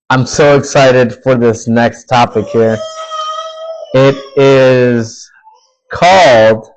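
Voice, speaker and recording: Young guy doing a solo podcast, slow and heartfelt, lots of pauses, mid-pitched voice. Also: clean tone, poor audio. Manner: slow, earnest, emotional and pausing. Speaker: podcast host. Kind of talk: reflective solo podcast talk.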